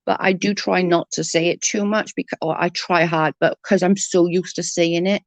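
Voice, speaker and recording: A woman's voice: fairly low pitch, fairly even intonation, moderate pace, dry recording. A woman with a Welsh accent chatting casually on a live stream, greeting viewers by name in an earnest, emotional way. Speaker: livestream host.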